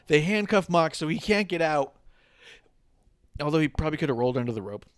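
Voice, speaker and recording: A man's voice: a little high, animated, fairly quick, smooth, no echo, studio quality. Ranting, sarcastic man. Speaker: podcast co-host. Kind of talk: casual wrestling talk.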